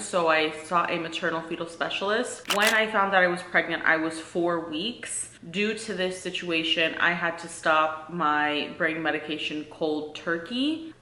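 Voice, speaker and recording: A woman's voice: on the low side, sharp tone, slight background noise. A woman in her thirties chatting to camera in a casual vlog, earnest and talkative, full of "like" and "um". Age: 30s. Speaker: vlogger. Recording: echoey room.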